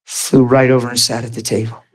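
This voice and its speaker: Speaking a little fast, this man delivers a sermon full of lively storytelling and frequent laughter. His voice leaps high whenever he performs quoted lines.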